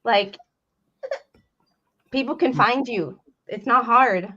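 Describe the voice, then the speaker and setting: A woman's voice: on the high side, takes it slowly, bright, forceful tone, slight background noise. Chatty woman host, lo-fi sound. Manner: chatty, laughs between remarks. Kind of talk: casual livestream chat. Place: home.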